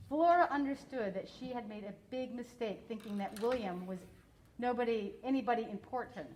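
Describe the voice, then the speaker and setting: A woman teacher reading a novel aloud to her class, expressive and slowing down for emphasis, pausing to ask students questions. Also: fairly high pitch, a little hiss or hum, poor audio.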